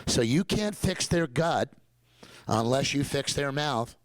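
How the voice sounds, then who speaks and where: A middle-aged man with a New York accent delivers a lively, joking conference talk, pushing his points with emphatic repetition. His voice sits at an ordinary pitch for a man. The sound is dry, with little room around it. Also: takes it slowly, dry recording, rough recording. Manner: animated, joking, emphatic storyteller. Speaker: dentist giving a talk. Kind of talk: conference presentation.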